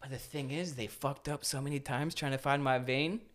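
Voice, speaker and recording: A young man telling a story casually on a podcast, animated and laughing as he acts out moments. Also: mid-range voice, normal speed.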